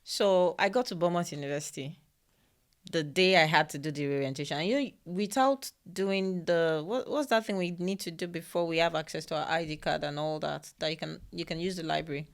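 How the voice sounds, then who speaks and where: A woman from Nigeria co-hosting a podcast, speaking in a fairly low voice. She tells a personal story in a relaxed, conversational way, earnest and full of repeated phrases for emphasis. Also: brisk. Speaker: podcast co-host. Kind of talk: casual chat.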